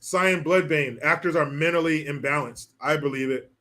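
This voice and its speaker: A man's voice: on the high side, moderate pace, few pauses, a bit bright. A man hosting a live-stream commentary show, reading out viewer messages and mocking people with plenty of swearing. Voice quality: mocking, swearing, breaks into laughter. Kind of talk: casual profane commentary.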